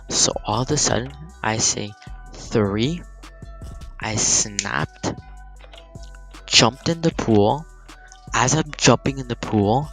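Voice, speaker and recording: A teenage guy telling a story in a casual vlog, animated and heated, swearing freely and filling with "like". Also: fairly low pitch, gravelly. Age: teens. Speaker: gaming channel storyteller.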